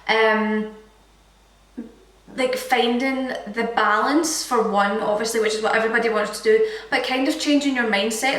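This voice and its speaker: Her pitch is fairly high and her tone a little bright as she sits far from the mic in an echoey space. She is a Scottish fitness vlogger in her twenties, chatting informally through a Q&A with many filler words.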